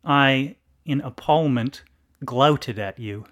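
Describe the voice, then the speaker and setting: A man reading a literary story aloud in a deliberate, deadpan narration. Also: mid-range voice.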